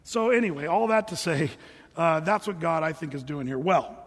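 High-voiced preaching man in reverberant hall. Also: normal speed. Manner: conversational preaching, acting out voices of people he quotes. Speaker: pastor. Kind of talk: sermon.

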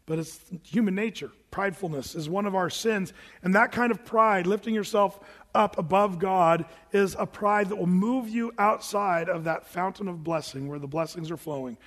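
A man's voice: high voice, big-room sound. A man preaching a Bible-teaching sermon in a conversational, plain-spoken way, with casual asides to the congregation. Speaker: pastor.

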